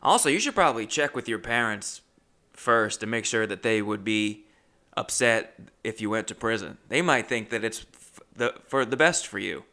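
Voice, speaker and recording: A male comedian telling a story with profane, animated anecdote-telling. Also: fairly low pitch, moderate pace.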